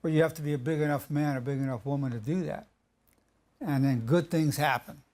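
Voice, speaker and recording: A man giving a spoken lecture on marriage, emphatic and slow on key phrases, repeating them, with halting restarts mid-sentence. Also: on the high side, a little mellow.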